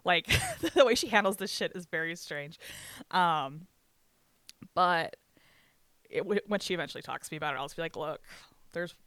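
A casual storyteller with a smooth, clear voice, recorded close and dry with no room sound. They swear freely and slip into other people's voices as they retell a story. The pitch sits mid-range. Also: animated, normal speed, pauses often, a bit bright, no room sound. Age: adult with ten years of banquet work. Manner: swears freely, acts out quoted dialogue, frequent laughs.

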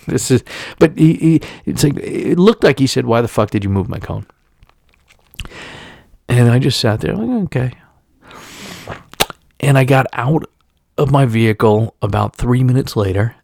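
A middle-aged man from Staten Island with a gravelly edge spins a rambling story, stumbling and restarting as he goes. The sound is close and dry. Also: medium pitch, darkish tone, dry recording. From Staten Island, New York. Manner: rambling, halting with many restarts and fillers. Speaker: podcast co-host. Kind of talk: casual storytelling chat.

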